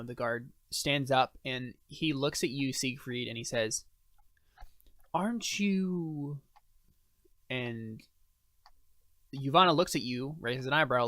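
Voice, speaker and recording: A man runs a tabletop game in a relaxed, halting way, full of fillers. His voice sits mid-range, close and dry. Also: mid-range voice, dry recording. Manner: casual, hesitant with many fillers. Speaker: game master.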